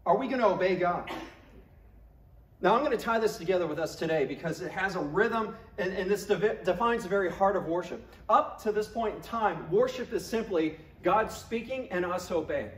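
A man's voice: high voice, lively intonation, moderate pace. A male pastor preaching a sermon, emphatic and acting out scripture quotes in different voices. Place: church sanctuary. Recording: echoey church room.

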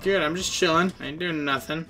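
A man giving excitable, slangy commentary over his own gameplay, laughing often and yelping when he gets caught. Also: fairly high pitch, brisk, music in the background. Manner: slangy, playful trash talk. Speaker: gaming YouTuber.

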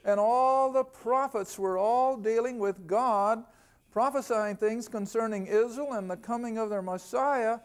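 An older man giving a televised Bible lesson in a folksy, conversational way, reading scripture aloud slowly. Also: very high voice, smooth. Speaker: Bible teacher.

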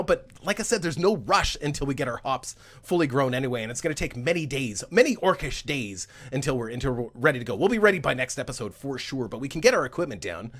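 Male gaming host, cheerful running commentary with a lively voice that swoops a lot. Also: on the high side. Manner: chatty and upbeat, laughs often, thinks aloud while playing. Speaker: let's play host. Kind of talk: casual gameplay commentary.

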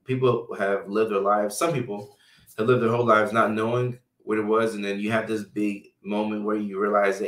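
Man, low voice, loose chatty host, live stream reading comments, roomy echo, distant mic. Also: level tone, moderate pace, a bit bright. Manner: loose and chatty, lots of fillers. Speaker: health care provider hosting a live stream.

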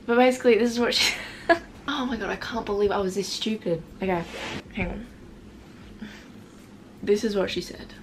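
A woman's voice: medium pitch, fairly even intonation, normal speed, long pauses, a little hiss or hum. A woman in her late teens telling a storytime to her camera, chatty and self-mocking, with lots of "like". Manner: reads out old messages in put-on voices. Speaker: vlogger. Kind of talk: casual storytime.

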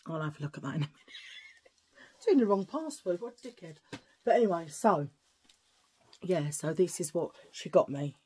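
Casting: chatty woman vlogger, a bit low-pitched, rambling and talking to herself. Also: expressive, normal speed, pauses often, breathy edge. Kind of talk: casual chat to camera.

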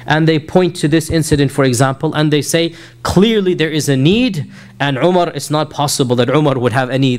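A man with an American accent giving a recorded lecture, explaining earnestly and rising to emphatic rhetorical questions. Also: mid-range voice. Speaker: Islamic lecturer.

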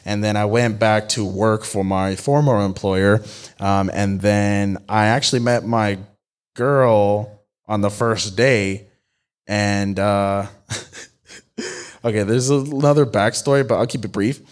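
A young man co-hosting a podcast, telling a personal story in casual chat, slangy and animated, swearing and laughing as he goes. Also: fairly low pitch, slow pace, smooth. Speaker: podcast co-host.

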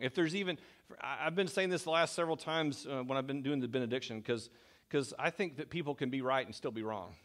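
A man's voice: medium pitch, a bit bright. A middle-aged man preaching as a pastor in a church, talking in a conversational, self-deprecating way that often restarts his sentences. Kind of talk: sermon. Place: church sanctuary.

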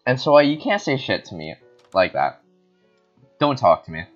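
A man's voice: medium pitch, sing-song, normal speed, soft background music. Erratic, jokey man gaming on a lo-fi mic. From Philippines. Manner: erratic and jokey, with sudden screams. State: tipsy from wine. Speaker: gaming host. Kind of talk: casual gaming commentary. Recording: dull lo-fi recording.

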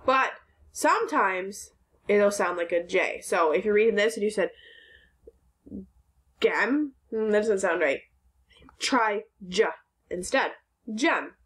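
A woman teaching a recorded phonics lesson to children, patiently sounding out letters and words. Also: medium pitch.

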